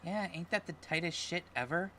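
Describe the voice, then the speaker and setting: A man's voice: fairly high pitch, a little fast, pushed and bright, a little hiss or hum. A male streamer giving casual let's-play commentary, crude and jokey, squealing in mock disgust.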